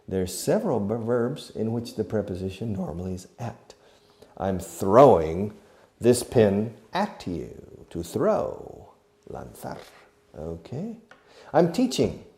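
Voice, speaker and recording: A man who speaks English natively, teaching a beginner English lesson, acting out each verb as he names it and adding quick translations. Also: fairly low pitch, sing-song, a little mellow. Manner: acts out each verb while naming it, slipping in quick translations.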